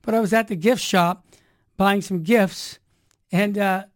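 A woman hosting a Catholic talk radio show, speaking emphatically in an energetic, preachy monologue. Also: medium pitch, a little slow. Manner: emphatic, preachy, energetic, swinging loud and soft. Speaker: radio host.

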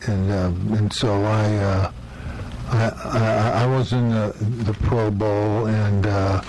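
A man who played pro football talking in a halting way on a sports radio show. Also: fairly low pitch, fairly even intonation, a little mellow, a little hiss or hum, rough recording. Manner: slow, halting, repeats words. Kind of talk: casual sports radio chat.

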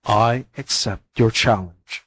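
Man reading a slow quiet tortoise, steady and deliberate, low-key. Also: dry recording. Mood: calm.

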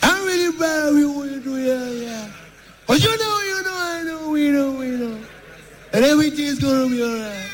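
A man's voice: very high-pitched, expressive, normal speed, pitched above the performer's own voice. A man doing a rambling blustery president impression. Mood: boastful. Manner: rambling, repetitive filler. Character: blustering American president, rambling, self-important. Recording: echoey hall, faint noise.

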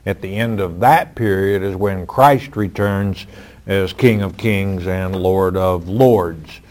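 A man answering listeners' Bible questions in a firm, measured, plain-spoken way. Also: low voice, darkish tone.

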